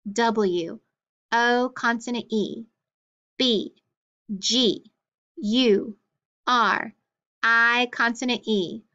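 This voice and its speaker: A woman teaching a phonics lesson to children, spelling out letters and sounds clearly and praising often. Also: a little high, drawn-out words, long pauses, sharp tone. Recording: dull lo-fi recording.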